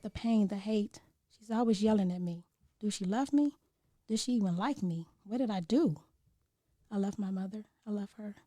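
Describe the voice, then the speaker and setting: A woman's voice: medium pitch, warm tone, dry recording. Woman doing spoken word poetry, earnest, dips almost to a whisper, dry close sound. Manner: earnest, drops to near whispers. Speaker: podcast guest.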